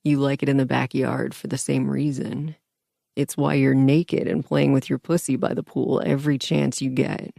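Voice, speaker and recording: A woman voicing a low, domineering male lover. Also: flat delivery, moderate pace, vocal fry, dark tone, no echo, clean studio sound, heavily acted. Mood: dominant. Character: commanding dominant adult man, lover.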